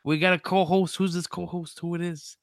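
A young man hosting a casual sports podcast, energetic and jokey, with quick stumbling restarts. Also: sits high, no echo, studio quality. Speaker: podcast host.

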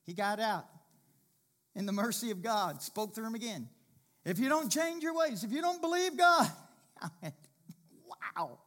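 A man preaches with real fervor. His voice sits high for a man and rings bright and forceful, climbing to loud peaks and then dropping to a hush. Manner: impassioned preaching that swings from loud to hushed. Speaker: pastor. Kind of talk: sermon.

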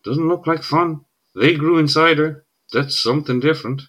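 A man's voice: on the high side, moderate pace, a bit bright. A middle-aged Irish man, a guest in a casual podcast conversation, explaining a point emphatically and checking in with "right?". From Ireland.

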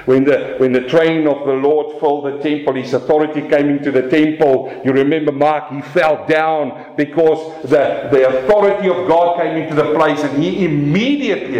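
A pastor delivers his sermon with animated energy, his fairly high voice leaping up and dropping low to stress each point. He slows right down on key phrases. The sound carries a noticeable room echo. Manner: animated preaching with dramatic pitch swings and slow emphatic phrases.

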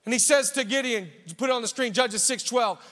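Male pastor, sermon, high bright voice, long hall reverb, conversational then fervent. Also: brisk. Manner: conversational, rising to fervent preaching. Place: church.

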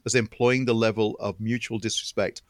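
A man with a fairly low voice talks films in an eager, tumbling way, often doubling back on his words. The sound is dry and close, with no room around it. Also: steady tone, normal speed, no room sound. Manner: enthusiastic, repeats words while building a point. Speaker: podcast co-host. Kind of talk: casual film chat.

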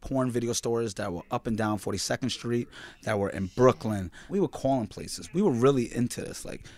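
A man's voice: mid-range voice, a little fast. A middle-aged man from Queens, chatting as a podcast guest and acting out people in his stories with lots of swearing. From Queens, New York. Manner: animated, profane, acts out voices in stories. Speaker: podcast guest, film screening organizer. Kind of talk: casual chat, storytelling.

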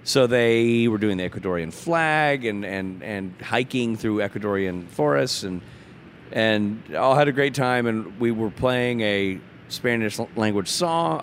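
A man co-hosting a casual podcast chat, a father telling jokey, animated stories about his kids. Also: medium pitch, a little hiss or hum. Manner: joking storyteller, animated asides. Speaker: guest co-host.

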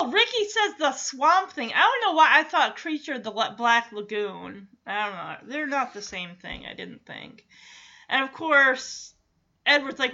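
A woman's voice: sits high, big pitch swings, measured pace, sharp tone, muffled recording. A woman host chatting casually as she recaps a TV episode, with lots of "like" and light laughs. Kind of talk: casual chat.

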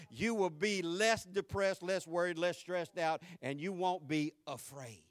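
Male preacher, high voice, dry close sound, conversational then emphatic sermon delivery. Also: fairly bright tone, dry recording. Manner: preacherly, swings from conversational asides to emphatic exhortation. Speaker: pastor.

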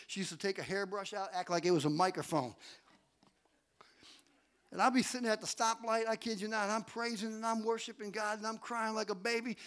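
Brief: middle-aged male pastor, high voice, dynamic call-and-response preaching. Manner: preaching with call-and-response, swelling to shouts then dropping low. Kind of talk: sermon. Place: church sanctuary.

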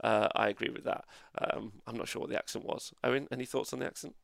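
A man co-hosting a casual tabletop gaming podcast, animated and swearing freely with lots of fillers. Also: medium pitch, quick pace, gravelly, no room sound, clean studio sound. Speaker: co-host. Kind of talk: casual podcast chat about tabletop games.

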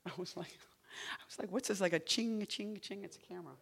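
A woman poet chats to her audience between poems. Her talk rambles and keeps doubling back on itself, with a dry, playful wit. Her voice sits at a middling pitch and swings from loud, bright bursts down to near-murmurs. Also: fast talker, creaky, slightly rough. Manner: rambling, self-interrupting, wry. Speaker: poet giving a reading. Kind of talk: casual talk between poems at a live reading.

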